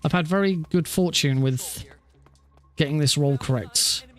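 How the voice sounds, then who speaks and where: Guy streaming a speedrun, kinda high voice, rambly, lots of uhs and ums. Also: unhurried, faint music behind. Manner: rambling, self-deprecating, many fillers and restarts. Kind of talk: casual gameplay commentary.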